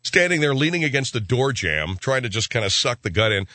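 A man's voice: medium pitch, big pitch swings, fairly quick, pushed and bright, dry recording. Rambling sarcastic radio host man. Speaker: radio talk show host. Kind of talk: talk radio monologue.

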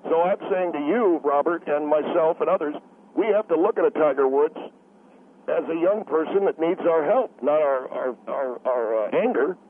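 A man's voice: fairly high pitch, moderate pace. A man arguing insistently as a radio show guest, repeating himself and talking over callers. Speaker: studio guest. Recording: narrow phone-line sound with faint hiss.

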